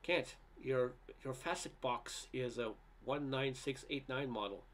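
A man's voice: mid-range voice, slight background noise, close to an everyday voice. A man doing a brusque repairman spouting gibberish. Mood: offhand. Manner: garbled jargon, slow and offhand.

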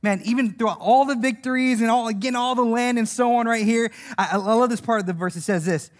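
Joking, animated male preacher. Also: extremely high pitch, fairly quick, hardly any pauses. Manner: animated and joking, laughing as he tells the stories; acts out quoted voices. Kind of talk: sermon.

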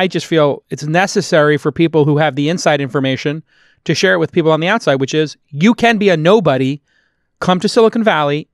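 A man's voice: fairly high pitch, dry recording, studio quality. Emphatic Brooklyn man hosting a podcast. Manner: emphatic, opinionated, repeats points for stress. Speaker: podcast host. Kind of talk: casual podcast talk and host-read ad.

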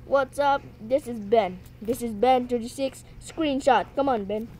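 A woman's voice: fairly high pitch, unhurried, dark tone, a little hiss or hum. A woman commentating her game play in a playful way, repeating lines and yelping out now and then. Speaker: gaming channel host.

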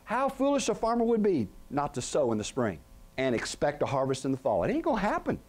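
A middle-aged man pastor preaching a sermon in a tent, often pausing to let the congregation finish his lines. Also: mid-range voice, animated, darkish tone. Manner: call-and-response questions to the congregation.

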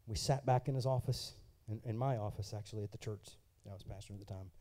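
A man preaching a sermon as pastor in a church, moving from quiet, personal testimony to loud, fervent preaching while questioning the congregation. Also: fairly low pitch, quick pace.

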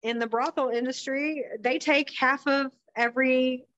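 A woman in her thirties talks slowly and deliberately as an interview guest, pausing often with ums. Her voice sits a bit high, and the recording is dry and a little dull, like lo-fi audio. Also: fairly even intonation, fairly bright tone, no room sound. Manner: measured, many ums and you-knows. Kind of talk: casual interview talk. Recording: slightly dull lo-fi sound.

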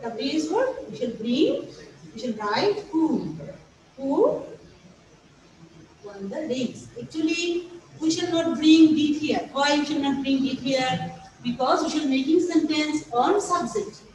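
A woman with a Bangladeshi English accent, whose first language is Bengali, teaches young pupils English grammar and patiently repeats every step. Her voice is high, expressive and a little mellow, and she speaks slowly. The room is echoey, she is far from the mic, and there is slight background noise.

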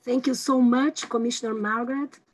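A woman chairing a formal hearing over a video call, brisk and courteous as she hands over the floor. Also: a little high, steady tone. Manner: brisk and courteous, switching languages.

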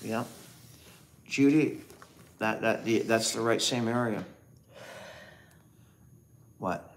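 A man's voice: on the low side, slow pace, slight background noise. Middle-aged man telling a family story. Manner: reflective, storytelling, thanks viewers. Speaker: livestream co-host. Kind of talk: casual livestream chat.

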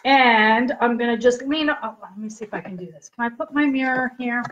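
A woman's voice: fairly high pitch, a little fast, a little hiss or hum. A woman hosting a casual live product demo, chatty and giggly, checking in with her viewers constantly. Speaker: livestream host demonstrating skincare patches. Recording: dull lo-fi livestream audio.

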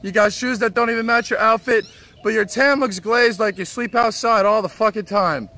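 Outdoors on a busy city street, with loud traffic all around, a young male livestreamer teases strangers in a brash, crude way. His voice is high and his pace moderate.

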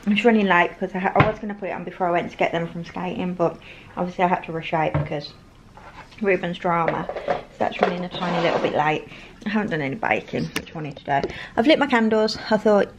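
A woman's voice: on the low side, fairly quick, vocal fry, background noise. A woman filming a casual family vlog at home, chatty and self-mocking, laughing often. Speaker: family vlogger, mother. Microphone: compact camera's built-in mic.

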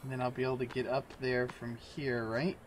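A man's voice: mid-range voice, little pitch movement, brisk, noisy background. A man hosting a let's-play video, chatting casually to viewers and himself while he plays. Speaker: gaming video host.

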